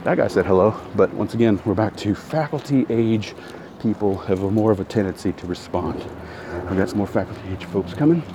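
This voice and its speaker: In a casual monologue for his podcast, a middle-aged man strolls through a town, his fairly low voice animated and a little quick. He rambles, restarts sentences and stops to greet passersby, while traffic and street noise stay clearly audible behind him.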